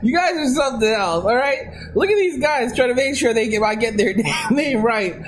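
Brash, high-voiced male streamer. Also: normal speed, soft background music, poor audio. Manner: brash, mocking, excitable, crude. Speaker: livestream host reacting to a clip. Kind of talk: casual reaction commentary.

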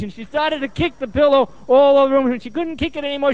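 A middle-aged man, a therapist, lecturing and telling stories from his practice, animated and given to repeating phrases for emphasis. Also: extremely high pitch, fast talker, hardly any pauses, no echo. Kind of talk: lecture with anecdotes. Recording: dull, muffled lo-fi sound.

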